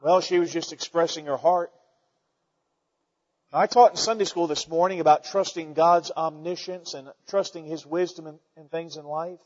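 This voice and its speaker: A man with a high voice preaches a sermon, reading verses and then pressing his points with fervent, repeated emphasis. The sound is dull and lo-fi, with a long reverb that rings through a large hall. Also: fairly even intonation, normal speed. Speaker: pastor.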